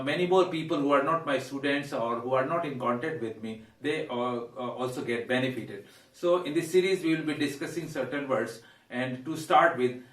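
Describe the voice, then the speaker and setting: A man with an Indian English accent teaching English pronunciation at a whiteboard, halting with frequent "uh"s and repeating words slowly. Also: medium pitch, a bit bright. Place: room with a whiteboard. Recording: roomy echo, mic at a distance.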